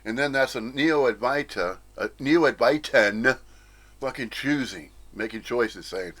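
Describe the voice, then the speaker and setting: A man's voice: medium pitch, slow pace, fairly bright tone. A man giving a blunt, profane, emphatic monologue on spiritual teachings. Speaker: spiritual commentator. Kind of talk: ranting monologue.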